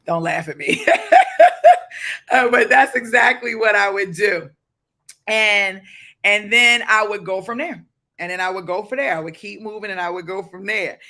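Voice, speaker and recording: A man with a Baltimore accent hosting a motivational livestream, his voice pitched high and bright with a forceful edge. He preaches with fervor, reads viewer comments aloud, and breaks into shouts. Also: moderate pace. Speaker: livestream host.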